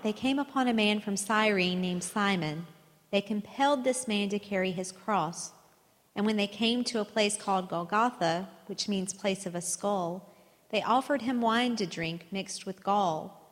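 Female lay reader, mid-range voice, steady delivery, church reverb. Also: medium pitch, unhurried. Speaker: scripture reader. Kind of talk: liturgical scripture reading.

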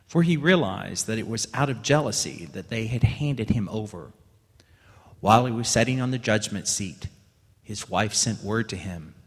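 A man reading scripture aloud in a church service, lifting his voice for quoted speech. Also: breathy edge. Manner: voices quoted lines with raised pitch and emphasis. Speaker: scripture reader. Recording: long church reverb.

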